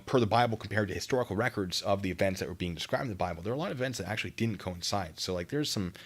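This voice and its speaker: A man's voice: lowish voice, pushed and bright, slight background noise. A man chatting casually with his stream viewers while packing care kits, joking and teasing himself. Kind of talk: casual live-stream chat.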